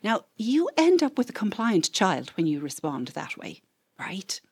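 A woman's voice: medium pitch, wildly swooping pitch, measured pace, slightly rough, no echo. A woman counselor giving a parenting talk, telling stories and acting out what parents and children say, with frequent "right?" asides.

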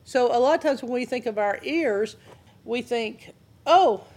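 A woman's voice: on the high side, normal speed, darkish tone. A woman giving a conversational Bible teaching and asking her listeners questions. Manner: conversational, asks the audience questions.

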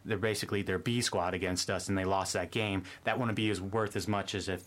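A man talking sports in casual chat, measured and explanatory, with many ums. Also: low voice, steady tone, fairly bright tone. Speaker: sports pundit.

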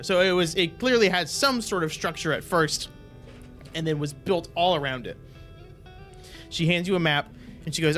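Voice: medium pitch, normal speed, pauses often, fairly bright tone, faint music behind. A game master narrating a tabletop game in a rambling, chuckling way.

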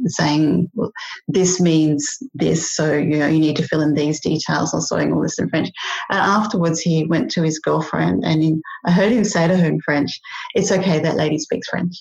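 A woman's voice: low voice, creaky, a little mellow, lo-fi sound. Chatty woman, laughing storyteller. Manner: chatty, laughs often, many fillers. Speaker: podcast guest, language learner. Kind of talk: casual storytelling.

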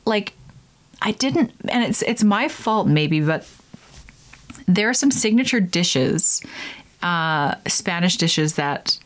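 A woman's voice: lowish voice, animated, slow pace, long pauses. A young adult woman hosting a casual solo podcast, talking chattily and acting out quotes in silly voices. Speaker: podcast host.

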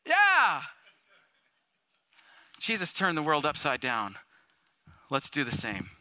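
A man preaching a sermon as a pastor, animated and conversational, with frequent rhetorical questions to the congregation. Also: medium pitch, moderate pace.

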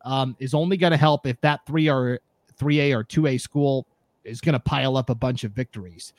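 A man hosting a casual high school sports podcast. He is animated and easily fired up, and he rants about what bothers him. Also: brisk, dry recording. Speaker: podcast host.

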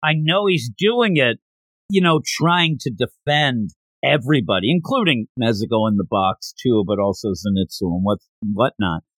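A man hosting a podcast, recapping a comic in an animated, rambling casual chat. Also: mid-range voice, normal speed, no room sound. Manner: animated, rambling retelling with lots of fillers. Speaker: podcast host.

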